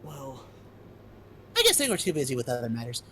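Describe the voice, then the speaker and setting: A woman reading game dialogue aloud, voicing an eerie young man who giggles as he schemes, with a slow, drawn-out delivery and wild pitch swings. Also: sing-song, fairly bright tone, a little hiss or hum, full character voice. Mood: smug.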